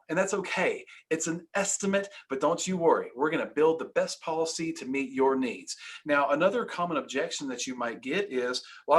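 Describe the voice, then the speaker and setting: A man hosting a live training webinar, coaching with energy and emphasis and acting out sales lines. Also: fairly high pitch.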